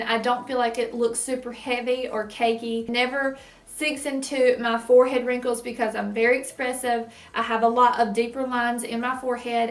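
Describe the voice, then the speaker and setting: A woman with a rural American accent chatting about beauty products in a rambling, enthusiastic vlog style. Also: on the high side. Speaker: beauty vlogger. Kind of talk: casual product review chat. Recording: roomy echo, mic at a distance.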